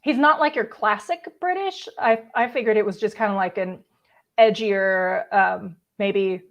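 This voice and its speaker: A woman's voice: medium pitch, a little slow. A woman hosting a casual TV chat, talking in a chatty, giggly way with lots of "like". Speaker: host.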